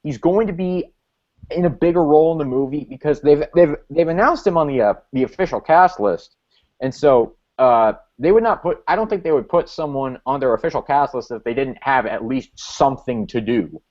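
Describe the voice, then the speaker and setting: A man's voice: fairly high pitch, animated, moderate pace. A man hosting a casual fan discussion, chatty and asking long rambling questions. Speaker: podcast host. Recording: dull lo-fi audio.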